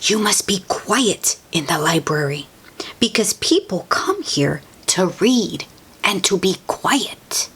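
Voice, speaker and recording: A woman's voice: fairly low pitch, sing-song, slow, a bit bright, breathy edge, heavily acted. A woman voicing a bumbling father pig in a storybook, explaining patiently and a little sheepish.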